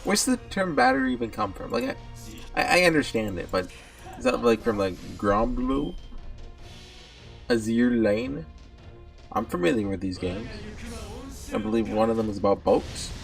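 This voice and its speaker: A man's voice: mid-range voice, very animated, moderate pace, creaky, long pauses, recorded from a distance, soft background music. A man giving casual, rambling commentary on a video game, joking as he goes and reading the game's dialogue aloud. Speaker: let's play streamer.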